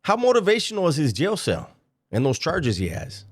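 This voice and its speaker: A man with a mid-range voice talks over a clip in a loose, conversational way, his pitch swinging widely as he mocks what he hears. He is dry and sarcastic, spinning anecdotes between jabs. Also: sing-song, moderate pace, darkish tone, breathy edge. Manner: sarcastic, mocking storyteller. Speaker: reaction commentator. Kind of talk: reaction commentary.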